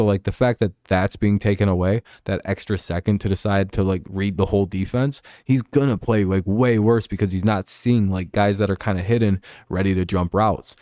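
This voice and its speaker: A man with a lowish, mellow voice rants through casual sports talk, swearing freely and rambling from point to point. The sound is close and dry, with no room around it. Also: fairly quick, few pauses, dry recording. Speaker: sports show host. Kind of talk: casual livestream commentary.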